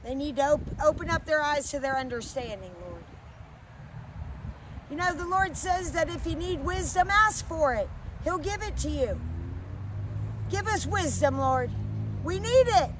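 Very high-voiced woman preaching slowly. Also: expressive. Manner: urgent, pleading, emotional. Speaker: minister. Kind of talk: impassioned preaching and prayer. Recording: outdoor traffic noise behind voice.

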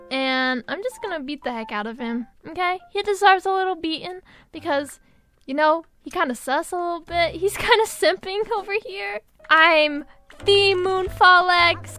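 A woman's voice: very high-pitched, fairly bright tone. A young woman giving playful gaming commentary, teasing her opponent with dramatic, giggly trash talk. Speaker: gaming YouTuber. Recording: game music playing behind voice.

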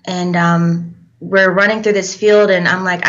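A young woman, a guest in an interview, telling a personal story in a halting, hesitant way with many fillers. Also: fairly low pitch, little pitch movement, fairly bright tone. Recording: dull lo-fi recording.

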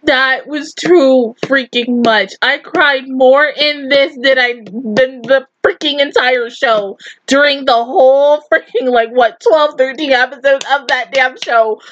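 A high-pitched young woman gushing through an emotional reaction, her voice teary and strained from crying as she laughs and exclaims. The sound is dull and lo-fi, like a simple home setup. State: teary, sore throat from crying. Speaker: anime reaction vlogger.

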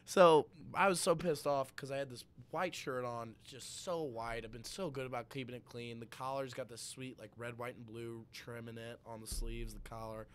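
A young man chatting as a podcast guest, telling an animated story full of laughs and swearing. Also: mid-range voice, normal speed, few pauses, clear, resonant tone. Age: young adult. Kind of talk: casual chat.

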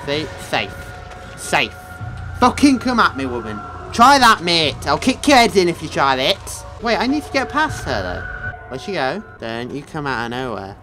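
Jumpy young man shouting at scares. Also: fairly high pitch, wildly swooping pitch, normal speed, rough recording. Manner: jumpy, joking, yelps and swears at scares. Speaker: gaming video host. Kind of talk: horror game commentary. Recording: game music loud behind voice.

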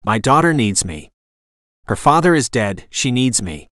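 A bitter, vengeful young mother snaps out curt, hard lines, as a male narrator does her voice. The voice is pitched in the middle and recorded close and dry for an audiobook. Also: very animated, measured pace, a bit bright, dry recording. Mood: desperate.

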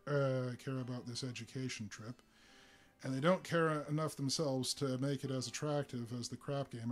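A man's voice: medium pitch, darkish tone, lightly acted. A man voicing a troubled young man who talks in an edgy, defensive, rambling way.

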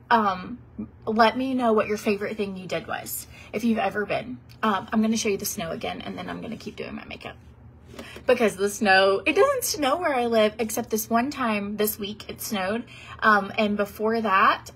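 A woman's voice: medium pitch, expressive, normal speed, a bit bright, slightly rough. A woman in her thirties from Tennessee, a beauty vlogger chatting casually during a makeup tutorial, rambling with many fillers and restarts.

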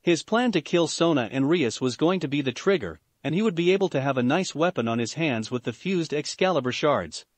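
A man reading fan fiction aloud in an animated, slightly stumbling way. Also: on the high side, fairly quick, few pauses, dry recording. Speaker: story reader.

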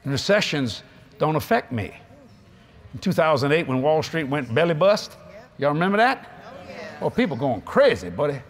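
Folksy preacher, fairly high voice. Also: male voice, normal speed, long pauses. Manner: folksy, humorous, animated storytelling with many acted quotes. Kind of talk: sermon with storytelling.

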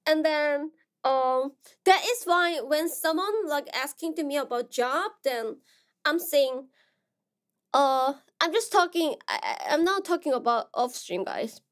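A young woman with a Korean accent, a streamer chatting casually with her viewers, soft-spoken and halting, full of fillers and restarts. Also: high voice, lively intonation.

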